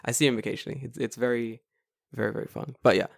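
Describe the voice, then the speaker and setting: A man in his twenties co-hosting a podcast in casual chat, telling stories with lots of energy, jumping into a high excited voice for quotes and swearing freely. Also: rapid-fire, creaky, dry recording, clean studio sound. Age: 20s. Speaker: podcast co-host.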